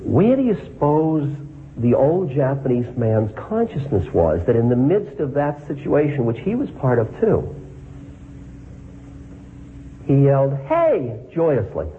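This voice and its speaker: A man's voice: medium pitch, sing-song, moderate pace. Man teaching over a thin phone line. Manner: reflective, asks questions to the listeners. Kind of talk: story reading then reflective talk. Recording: phone-like line with faint noise.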